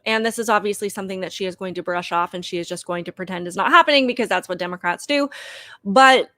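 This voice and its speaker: A woman's voice: medium pitch, fast talker, fairly bright tone, no room sound. A woman hosting a political commentary show, talking straight to viewers in an emphatic, critical way. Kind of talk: opinionated commentary to camera.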